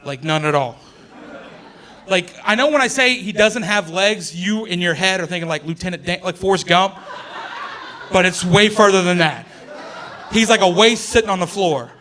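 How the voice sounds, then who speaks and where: Bright high-voiced male comedian. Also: moderate pace. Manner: chatty, laughing through lines, self-correcting. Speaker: stand-up comedian. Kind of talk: stand-up comedy. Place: comedy stage before an audience.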